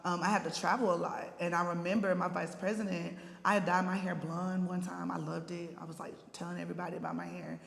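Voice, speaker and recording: A woman's voice: on the low side, little pitch movement, fast talker, creaky, hardly any pauses, roomy sound, big-room sound. A young woman with an East Texas accent, speaking frankly and animatedly on a discussion panel. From Texas, USA.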